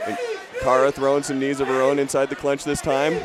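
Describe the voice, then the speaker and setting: A man's voice: medium pitch, completely flat delivery, brisk, over a noisy crowd. A man doing live fight commentary, chatty and upbeat, often stumbling and restarting his sentences.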